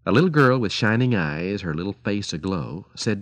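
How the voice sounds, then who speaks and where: A man's voice: on the low side, expressive, moderate pace, no echo. A man preaching on the radio, telling stories in an earnest, pleading way and speaking to parents directly.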